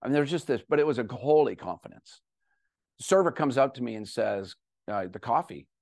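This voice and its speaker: A middle-aged man giving a talk to an audience, telling a personal story with animated, self-deprecating humor. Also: mid-range voice, brisk, dry recording, studio quality. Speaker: guest speaker.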